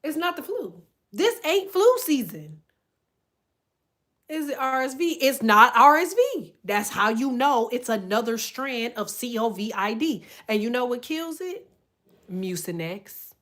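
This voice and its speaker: Woman ranting to her viewers, cussing a lot, voice jumps all over, kinda high. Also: slow. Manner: profane, animated, conspiratorial. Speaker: content creator. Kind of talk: casual rant to camera.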